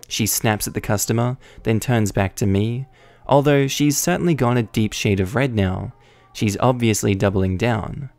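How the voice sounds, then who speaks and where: A man narrating online stories in a scripted, wry, deadpan comic style. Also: medium pitch, dry recording. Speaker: story narrator.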